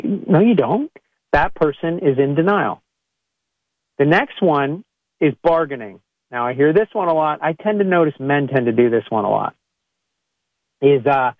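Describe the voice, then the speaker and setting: A chiropractor talks to his listeners in a loose, animated monologue, jumping into a higher voice to act out his patients. His voice sits a bit high for a man. The sound is narrow and phone-like with no room echo. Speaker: chiropractor hosting a health podcast. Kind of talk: casual health monologue to listeners.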